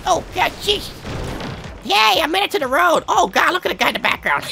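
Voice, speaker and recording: A woman giving gameplay commentary with friends, jumpy and yelling and swearing in fright. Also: very high voice, sing-song, normal speed, creaky, faint music behind. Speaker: gaming video host.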